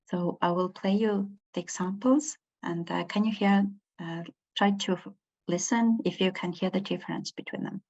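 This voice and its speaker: Woman lecturer, slow and halting, lotta uhs, kinda dull lo-fi sound. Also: fairly low pitch, creaky, darkish tone. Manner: hesitant, many pauses and fillers. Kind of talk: university lecture. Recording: dull lo-fi recording.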